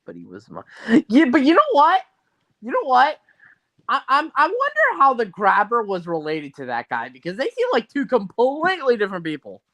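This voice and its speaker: A co-host chats casually and keeps jumping in with opinions. The tone is bright and sharp, with a lively pitch and a dry, close sound. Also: moderate pace, dry recording. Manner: curious, chatty, jumps in with opinions. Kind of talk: casual chat.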